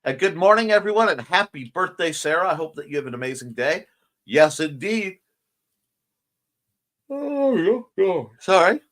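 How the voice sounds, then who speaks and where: A man's voice: a little high, expressive, fairly quick, a bit bright. Sleepy, rambling male livestream host. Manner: rambling, jokey, reads chat aloud and greets viewers. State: sleepy, yawning. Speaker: host of a morning livestream show. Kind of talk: casual livestream chat reading comments. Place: home room by a window.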